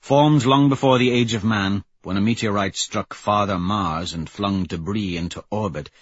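An audiobook narrator reads a novel in the first person at a steady, measured pace. His husky voice sits in the middle range, and the dry recording has a slightly dull, muffled top end.

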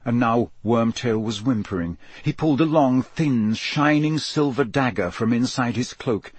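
A man narrates a story in a steady, measured way that builds drama. His voice is husky and sits in a middle register. The recording is dry and close, with no room sound. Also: mid-range voice, no echo. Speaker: audiobook narrator. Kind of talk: scripted narration.

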